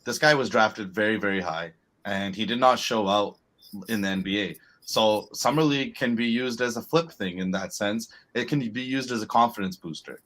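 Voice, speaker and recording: A man co-hosting a sports betting podcast, explaining his points and telling stories in a measured, casual way. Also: lowish voice, a bit bright. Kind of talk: casual chat.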